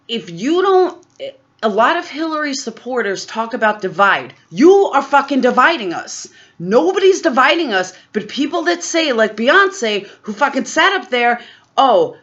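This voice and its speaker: A woman's voice: mid-range voice, a bit bright, dull audio. A woman vlogger delivering a heated, profane political rant straight to camera.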